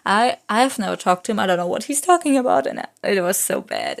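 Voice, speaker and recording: A woman's voice: a little high, normal speed, gravelly, few pauses. Rambling young woman vlogger. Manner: rambling storytelling, full of "like" fillers; non-native English speaker. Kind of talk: casual chatty voice-over.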